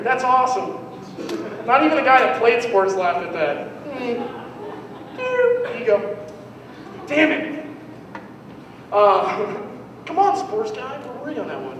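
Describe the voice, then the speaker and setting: A young man with a very high voice does a rambling, self-mocking stand-up set, joking with the crowd as he goes. The sound is a big echoey hall with a long reverb tail. He is caught from far off, with steady room noise behind him. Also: measured pace, pauses often. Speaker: stand-up comedian. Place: live comedy venue with an audience.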